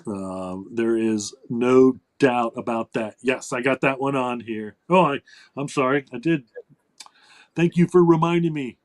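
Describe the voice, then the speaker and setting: A man of middle pitch hosts a casual talk show. He rambles, stops and starts, and fills his pauses with ums and uhs. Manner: rambling, many fillers and restarts. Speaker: host.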